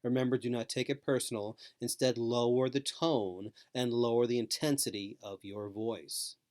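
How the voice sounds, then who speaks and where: A man giving a scripted training lecture to caregivers, speaking slowly with calm, repetitive emphasis. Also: mid-range voice. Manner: slow, repetitive, soothing emphasis.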